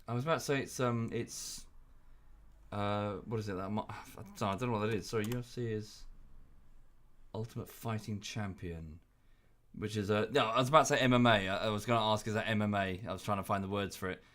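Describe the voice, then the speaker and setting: A British man chatting casually while he streams a game, rambling with lots of fillers and jumping into high, exaggerated voices when he quotes people. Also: a little fast, fairly bright tone. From United Kingdom.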